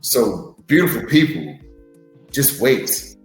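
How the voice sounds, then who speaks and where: A man's voice: medium pitch, sing-song, slow, reverberant, faint music behind, rough recording. A man co-hosting a podcast, telling a motivational story in an earnest, repetitive, preachy way. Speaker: podcast co-host and wrestler.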